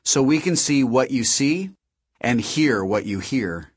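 A man's voice: medium pitch, animated, takes it slowly, breathy edge, no echo, clean studio sound. A man reading an audiobook, voicing a wry, teasing young woman gamer in a raised voice. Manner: teasing, laughing.

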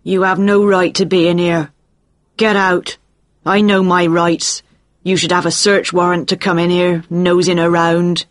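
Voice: mid-range voice, level tone, measured pace, no echo, studio quality, lightly acted. A narrator reading an audiobook voices a hostile male farmer who growls defiantly at intruders. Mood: angry.

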